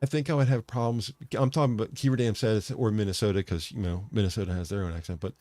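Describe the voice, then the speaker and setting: A man's voice: on the low side, fairly even intonation, quick pace, a little mellow, no echo. An American man co-hosting a casual podcast chat. He rambles, often correcting himself and restarting his sentences. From United States. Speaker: podcast co-host.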